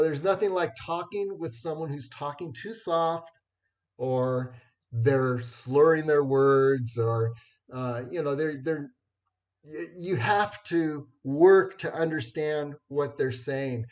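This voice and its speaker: A man giving an informal talk on networking skills, unhurried, with many fillers and restarts. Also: fairly high pitch, darkish tone. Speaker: networking presenter. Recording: dull lo-fi recording.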